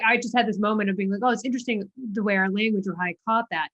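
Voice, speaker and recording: Animated woman podcast host, dull sound. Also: medium pitch, very fast, hardly any pauses. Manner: animated, candid, swears for emphasis. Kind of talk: podcast conversation.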